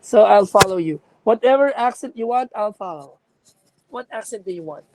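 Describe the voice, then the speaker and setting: A woman's voice: medium pitch, expressive, normal speed, background noise. A woman lecturing a class on contact lenses, explaining with examples and checking that students follow.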